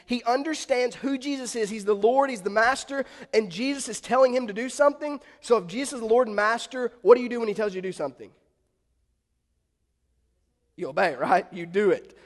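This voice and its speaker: A male pastor delivering a sermon as a relaxed, conversational story, often turning to ask the congregation questions. His voice sits high for a man. A long hall reverb trails behind his words.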